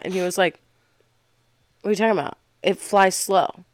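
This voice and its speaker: A woman co-hosting a casual podcast chat, telling animated stories with loud mimicry and swearing. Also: mid-range voice, normal speed, pauses often, no room sound, clean studio sound. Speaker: podcast co-host.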